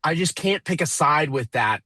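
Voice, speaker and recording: Male co-host, high, dry, loose and rambling. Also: lively intonation, moderate pace, bright, forceful tone, no room sound, poor audio. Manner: rambling, casual, profane. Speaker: podcast co-host. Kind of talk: casual sports betting chat.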